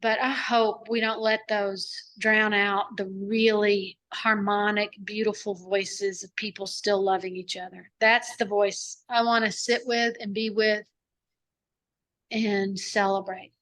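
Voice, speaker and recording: A woman's voice: medium pitch, level tone, slow, fairly bright tone. A middle-aged woman, a nonprofit founder, answering interview questions over a video call in a chatty, rambling way full of asides and fillers.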